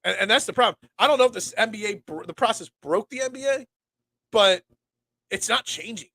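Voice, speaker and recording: Sick guy in his 40s from pennsylvania hosting sports talk, kinda high voice, rambly, keeps restarting. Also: lively intonation, fairly quick, sharp tone. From Pennsylvania, USA. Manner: rambling, stammers and restarts, reads and answers chat. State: sick, congested. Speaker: sports talk show host.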